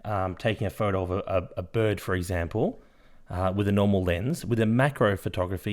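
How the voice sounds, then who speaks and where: A man's voice: fairly low pitch, darkish tone. A male podcast co-host explaining his topic in a rambling, casual way. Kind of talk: casual chat.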